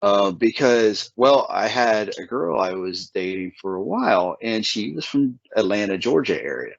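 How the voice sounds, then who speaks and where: A man with an Appalachian accent chats casually as a host, stumbling over restarts before his thoughts land. His pitch swings widely and the audio is dull and lo-fi, with a dry, close sound. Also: animated, moderate pace, gravelly, dry recording. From Southern Ohio, USA. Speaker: podcast host. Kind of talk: casual chat.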